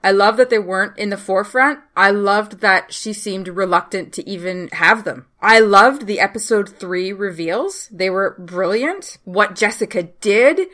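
A woman's voice: mid-range voice, a little slow, hardly any pauses, a bit bright. A woman hosts a casual TV recap podcast in a mid-range voice. She gushes and exclaims freely, and her strong feelings about the shows come through in a chatty, personal way. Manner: gushing, emotional, exclaims often. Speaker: podcast host.

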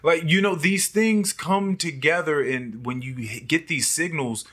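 A man chatting casually on a podcast, lively and self-mocking, often acting out his own past thoughts. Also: fairly high pitch, a little slow. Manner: animated, acts out his own past thoughts in quoted voices, laughs often. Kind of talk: casual chat.

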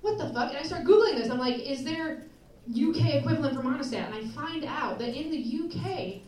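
An American woman telling a story on stage as stand-up, animated and laughing through her lines. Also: high voice, brisk. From United States. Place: live show before an audience. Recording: live venue, roomy, distant mic, loud crowd.

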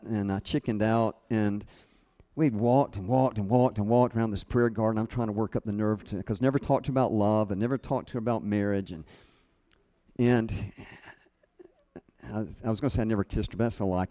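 A middle-aged man giving a storytelling sermon, self-deprecating and funny, chuckling often and dropping his voice soft and low at tender moments. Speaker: speaker at a college chapel.

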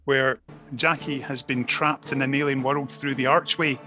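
A man's voice: mid-range voice, steady tone, moderate pace, music in the background. A man, interviewing an actress in a friendly way. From Scotland.

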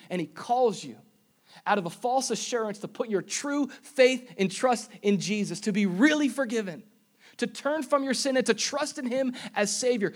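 A man preaching a sermon to a congregation in a church, moving between quiet intimate asides and loud emphatic appeals. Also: extremely high pitch. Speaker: pastor. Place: church sanctuary before a congregation.

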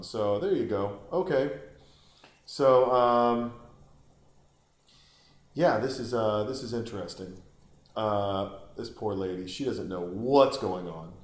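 Guy riffing crude jokes over a movie, rambly, squeaks up high now and then, roomy echo. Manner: crude, joking, rambling with sudden high-pitched exclamations. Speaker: commentator watching a film. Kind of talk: casual watch-along commentary.

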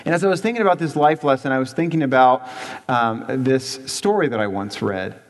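A man preaches an emphatic sermon as a church pastor, his medium-pitched voice moving a little fast as he repeats points for stress and poses rhetorical questions. The church hall gives the recording a long reverb.

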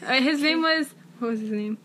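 A woman's voice: high-pitched, fairly quick, fairly bright tone, slight background noise. A young woman co-hosting a podcast from her dorm room, telling a rambling, giggly story full of "like"s. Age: young adult. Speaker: podcast co-host. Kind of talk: casual chat.

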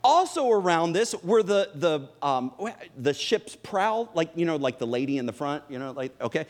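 Man, middle-aged, pastor, animated sermon, high voice, live church crowd. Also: moderate pace. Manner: animated, jokes with the congregation. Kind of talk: sermon with humorous stories. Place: church before a live audience.

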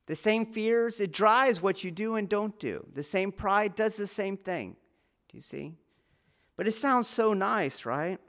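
A man teaching martial arts students in an informal, rambling lecture, often laughing and checking whether they follow, growing loud when he presses a point. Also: high-pitched, animated, measured pace. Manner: rambling, laughs often, asks "do you see?".

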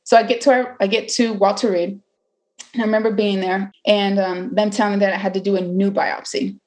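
Young woman in her twenties, candid and chatty storyteller, mid pitch. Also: level tone, fairly quick, a little mellow. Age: 20s. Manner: candid, chatty, full of fillers and acted-out quotes. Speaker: cancer survivor telling her story. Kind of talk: personal storytelling.

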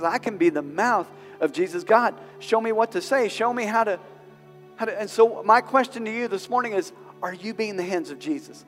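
A high-pitched male pastor with a Southern US accent preaches in a big hall that rings with long reverb. He is openly emotional and climbs to loud, urgent exhortation, with soft music under him. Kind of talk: sermon. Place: large venue with long reverb.

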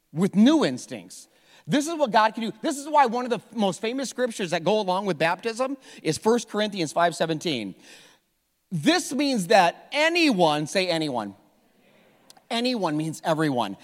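Middle-aged male pastor, high animated voice, casual energetic sermon, long hall reverb. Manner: energetic, conversational preaching with repetitions. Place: church sanctuary.

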